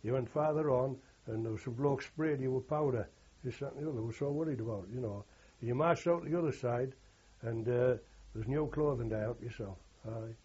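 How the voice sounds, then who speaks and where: A man's voice: mid-range voice, brisk, darkish tone, husky. An older man, a war veteran telling rambling oral history anecdotes and quoting others with "he says". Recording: dull lo-fi recording.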